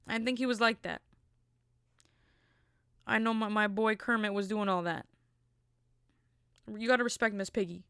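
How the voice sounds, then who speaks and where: Woman podcast host, mid-pitched, casual comic ranting, exasperated and rambling, dry sound. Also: fairly even intonation, moderate pace, long pauses, a bit bright, smooth, dry recording. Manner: rambling, exasperated comic rant with many fillers. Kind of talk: casual comedic chat.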